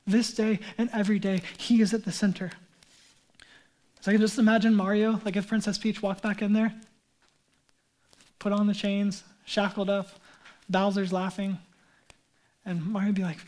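A man preaching a sermon as a pastor, speaking fervently and emphatically, then closing in a soft, prayerful voice. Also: high voice, level tone, moderate pace, long pauses.

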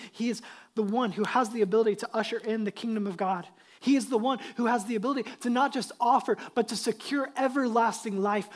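A middle-aged man preaching a sermon as pastor, talking conversationally and building emphasis on key points. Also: high-pitched.

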